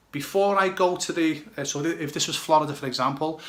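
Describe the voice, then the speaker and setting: A man's voice: a little high, fast talker, hardly any pauses, a bit bright, reverberant. A blunt, emphatic man with a British accent, a goalkeeper coach giving direct advice and often checking "okay, yeah?". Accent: British English.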